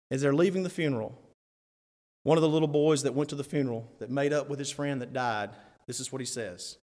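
Animated preacher in a reverberant church hall. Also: male voice, mid-range voice. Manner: animated, laughing often, building to loud emphatic peaks. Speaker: elder preaching. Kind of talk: sermon. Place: church sanctuary.

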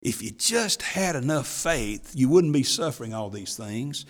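Pastor preaching in a reverberant church. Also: male voice, medium pitch, lively intonation, unhurried. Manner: folksy, chuckling, swings between hushed asides and raised emphasis. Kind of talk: sermon. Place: church sanctuary. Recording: long hall reverb from church.

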